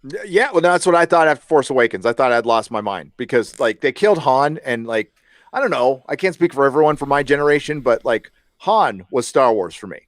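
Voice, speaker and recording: A man's voice: medium pitch, lively intonation, a little fast. A man with a mid-range voice talks bluntly and sarcastically, with plenty of swearing. The sound is dry and close with no room echo, as on a podcast chat. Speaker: podcast co-host. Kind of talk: casual chat.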